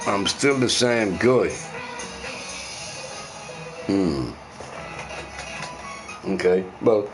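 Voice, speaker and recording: A middle-aged man chatting casually and profanely on a live stream, rambling and repeating himself, with faint music behind. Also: medium pitch.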